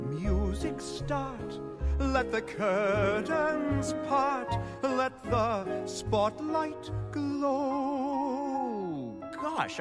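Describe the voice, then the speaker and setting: A bashful, lovestruck stage-musical hero speaks his feelings haltingly in a high, light voice. His delivery is drawn out and slow, and a full orchestra plays clearly underneath. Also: full character voice. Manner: tentative, wistful, then sings a jaunty showtune. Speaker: singer on a musical cast recording. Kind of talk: musical theatre singing and dialogue.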